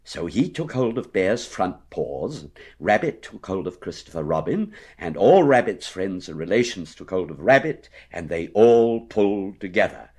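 A man narrating a children's storybook with expressive, animated reading. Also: sits low, moderate pace, hardly any pauses, slightly rough.

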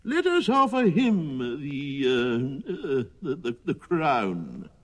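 A man voicing a very old, wise male elephant with a quavering, slow and halting voice. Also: a little high, huge pitch swings, a bit bright, long reverb tail, pitched above the performer's own voice, exaggerated voice. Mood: solemn. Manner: slow, hesitant, halting speech.

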